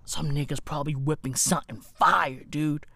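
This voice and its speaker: A woman's voice: low-pitched, fairly even intonation, moderate pace, gravelly, slight background noise. A young woman, ranting sarcastically and with heavy swearing as a commentary vlogger. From South Africa. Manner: sarcastic, swearing, mocking, loud outbursts. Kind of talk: profane comedic rant.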